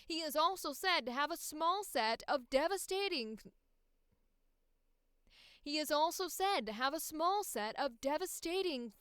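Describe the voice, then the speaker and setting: A woman voicing a professional, upbeat female news reporter in an audition read, enunciating crisply like a typical newscaster. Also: high-pitched, animated, measured pace, a bit bright, dry recording, studio quality.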